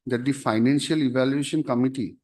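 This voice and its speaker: A man arguing a case as an advocate in a courtroom, formal and halting, constantly addressing the bench. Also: medium pitch, steady tone, darkish tone. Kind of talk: courtroom argument.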